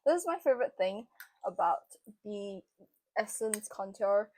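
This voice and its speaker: A woman's voice: medium pitch, expressive, unhurried, darkish tone. A young woman narrating a makeup tutorial in a chatty, casual way, with lots of fillers. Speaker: beauty vlogger.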